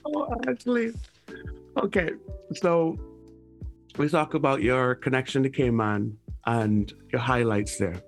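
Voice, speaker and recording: A man's voice: mid-range voice, lively intonation, a little slow, faint music behind. Giggly young male interviewer. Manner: giggly, stammers at the start of sentences. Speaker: podcast host. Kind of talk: casual conversational interview.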